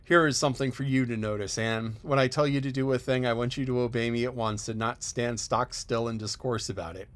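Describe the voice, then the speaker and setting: A man reading an audiobook, voicing a stern, disapproving middle-aged spinster who speaks curtly and briskly. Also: medium pitch, fairly even intonation, fairly bright tone, natural voice. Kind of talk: audiobook character voice.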